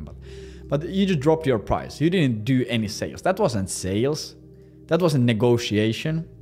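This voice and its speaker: Brash, profane young man coaching. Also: a little mellow. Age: 20s. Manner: brash and profane, acting out squeaky high voices. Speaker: sales coach. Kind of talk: casual instructional monologue.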